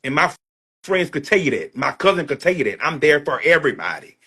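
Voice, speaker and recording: Husky-voiced man in a heated rant. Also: fairly high pitch, sing-song, brisk, pushed and bright. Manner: repetitive, blunt, profane. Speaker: social media personality.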